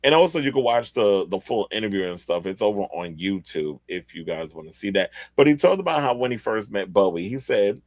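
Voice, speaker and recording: Low-voiced man hosting a chatty podcast. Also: big pitch swings, brisk, few pauses, a little mellow, no echo. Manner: chatty, reads article excerpts aloud with asides. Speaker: podcast host. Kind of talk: casual pop-culture commentary.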